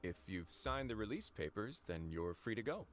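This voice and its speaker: A composed prison warden from a video game, slightly low and dry, with a teasing edge that keeps rising and falling. He never loses his cool. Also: sing-song, normal speed, loud music behind the voice. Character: calm, wry man who runs a prison.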